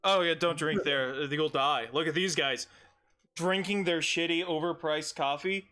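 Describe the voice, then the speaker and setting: Bright-voiced joking man at a game table. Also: on the high side, takes it slowly, soft background music. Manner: joking, laughs often, reads notes aloud. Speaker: player. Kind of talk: casual tabletop game chat.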